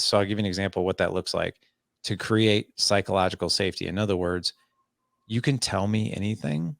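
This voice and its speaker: A man in his forties with a low, gravelly voice is recorded close and dry with no room sound. As a podcast guest talking about fatherhood, he tells stories animatedly and acts out both sides of each conversation.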